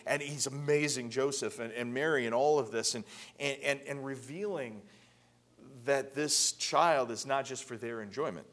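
Guy preaching a sermon, chatty, stumbles and repeats words, gets loud and high on key points. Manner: conversational preaching, many repeated words and asides, rising emphatic peaks. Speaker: pastor.

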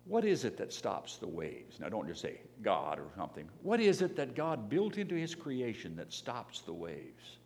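A man preaching a sermon, animated, who swings into loud emphatic bursts when acting out pleas and reading scripture. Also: on the low side, moderate pace, vocal fry, few pauses. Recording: long hall reverb, faint hum.

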